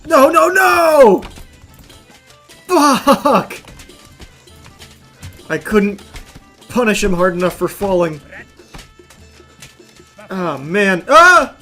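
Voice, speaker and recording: Man, gaming streamer, very high voice, bright edge, yelps and curses, deadpan asides. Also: drawn-out words, long pauses, soft background music. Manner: yelps, shouts and swears at the game, laughing; drops to low, dry asides between outbursts. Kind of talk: let's play commentary.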